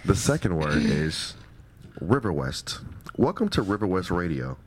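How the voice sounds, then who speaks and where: A man's voice: low-pitched, sing-song, a little slow, slight background noise. A man hosting a playful spelling quiz on a radio show, teasing and laughing often, repeating his phrases. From Milwaukee. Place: radio studio.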